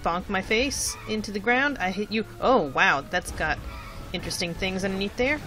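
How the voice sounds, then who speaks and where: Bright-voiced, chatty gameplay commentator. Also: mid-range voice, expressive, normal speed, faint music behind. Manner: thinks aloud, chatty, repeats words while timing moves. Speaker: let's play commentator.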